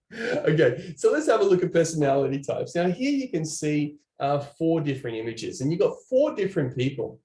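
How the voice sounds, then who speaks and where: A man with a fairly high voice gives a lively online training talk. He speaks in a chatty, animated way to his viewers. The sound carries a noticeable room echo. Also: moderate pace. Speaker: presenter.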